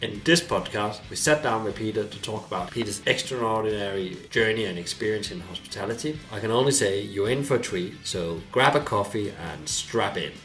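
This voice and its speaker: Man, podcast host, scripted intro, slightly off grammar, lowish voice, faint background music. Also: lively intonation, a little fast, few pauses, fairly bright tone. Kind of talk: scripted podcast intro, then interview questions. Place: cafe bar in Hove, England.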